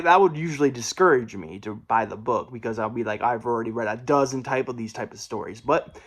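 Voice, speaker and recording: Rambling young man chatting about books. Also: medium pitch. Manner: rambling, with fillers and self-corrections; mild stutter. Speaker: book vlogger. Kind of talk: casual video chat about books.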